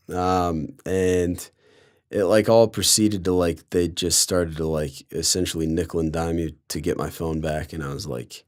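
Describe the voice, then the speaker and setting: Low-voiced young man from Colorado. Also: steady tone, a little slow. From Colorado, USA. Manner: loose, sarcastic, heavy use of "like". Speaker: podcast guest. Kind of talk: casual storytelling.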